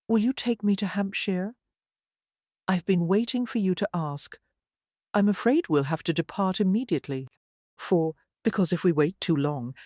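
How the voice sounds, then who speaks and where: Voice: medium pitch, a little mellow, dry recording, clean studio sound, natural voice. The audiobook narrator voicing an earnest young married woman trying to sound pragmatic while upset. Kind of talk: audiobook character voice.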